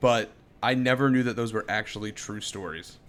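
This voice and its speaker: A man from the United States co-hosting a podcast, full of teasing, animated reactions and quick exclamations. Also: on the low side. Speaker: podcast co-host. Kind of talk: casual chat.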